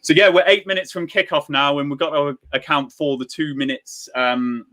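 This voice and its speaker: Upbeat bright-voiced Lancashire host. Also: male voice, a little high, fairly even intonation, normal speed. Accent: Lancashire English. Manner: upbeat, chatty, laughs often. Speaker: watchalong host. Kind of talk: casual football chat.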